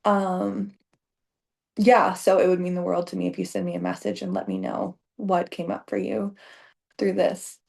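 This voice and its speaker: A woman's voice: fairly low pitch, expressive, normal speed, vocal fry, darkish tone. A woman in her thirties, a business coach, talking casually to camera with lots of fillers and heartfelt gushing. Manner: chatty, filler-heavy, emotional and gushing. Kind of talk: casual direct-to-camera talk.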